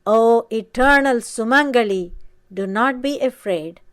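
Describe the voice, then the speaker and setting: A woman reading aloud voices the devoted, saintly wife of an ancient sage, speaking slowly and emphatically. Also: mid-range voice, expressive, no room sound. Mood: reassuring. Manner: solemn, slow and emphatic.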